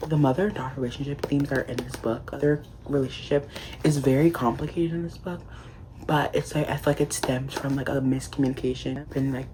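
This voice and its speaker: A man chatting through a book review in an unscripted vlog style, full of gushing enthusiasm and endless "like" fillers. His voice sits at an ordinary middle pitch, with a faint hiss of noise behind him. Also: fairly even intonation, brisk.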